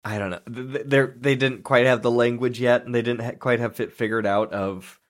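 A man's voice: medium pitch, fairly even intonation, a little fast. A man co-hosting a podcast, chatting casually and critically about a film with a wry, mocking edge. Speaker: podcast co-host. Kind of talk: casual movie review chat.

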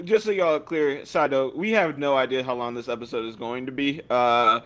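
A man's voice: medium pitch, a little fast, a bit bright. A young man co-hosting a wrestling podcast, swearing and giggling through casual chat. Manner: giggly, profane, slangy. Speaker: podcast co-host.

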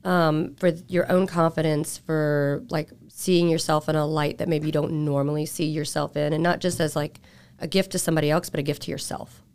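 A woman who runs a boudoir photography studio, talking candidly and relaxed as a podcast guest. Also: low-pitched, fairly quick, smooth. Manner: relaxed, candid, laughs easily. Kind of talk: casual interview chat.

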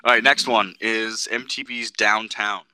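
A man co-hosting a podcast in casual chat, telling animated stories, swearing and acting out voices. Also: on the low side, unhurried, smooth, no echo, rough recording. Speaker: podcast co-host.

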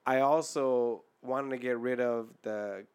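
A man's voice: mid-range voice, fairly even intonation, slow pace, clean tone. A man hosting a podcast, telling a crude story in casual chat, swearing often and laughing as he goes. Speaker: podcast host.

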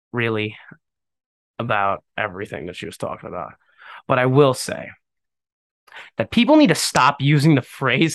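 A man's voice: mid-range voice, a bit bright, no room sound. A man hosting a casual solo podcast, talking bluntly and ramblingly with a scoffing edge and many fillers. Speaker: podcast host.

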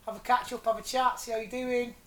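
A man's voice: very high voice, little pitch movement, quick pace. A man hosting a podcast, chatting casually with teasing, joking banter. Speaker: podcast host. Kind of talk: casual chat.

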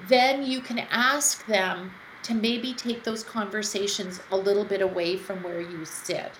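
A woman's voice: medium pitch, moderate pace, few pauses, fairly bright tone. A woman speaking as a guest in an interview, telling personal stories in an earnest, reflective way. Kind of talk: conversational interview. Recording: roomy echo, faint background noise.

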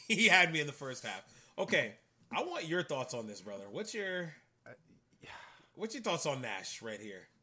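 A man's voice: on the high side, big pitch swings, normal speed, sharp tone, husky. A man co-hosting a wrestling podcast, chatting casually and politely cutting in with asides. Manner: polite interjections, apologizes for cutting in. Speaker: podcast co-host. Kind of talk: casual chat.

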